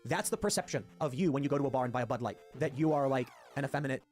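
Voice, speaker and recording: Fast-talking, emphatic male host. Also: mid-range voice, darkish tone, faint music behind. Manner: rapid, emphatic, acts out quoted voices. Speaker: podcast host. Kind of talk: political talk show chat.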